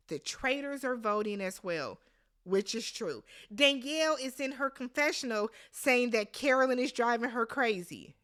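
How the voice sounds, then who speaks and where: Animated, blunt woman recapping reality TV. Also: fairly high pitch. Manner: animated, blunt, swears freely, exclaims. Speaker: recap host. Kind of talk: casual TV recap commentary.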